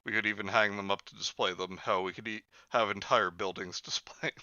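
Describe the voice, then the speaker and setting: A man co-hosting a podcast, sarcastic and loud in casual comedic chat. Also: fairly low pitch, steady tone, a little fast, no room sound. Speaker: podcast co-host. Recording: dull dry lo-fi mic.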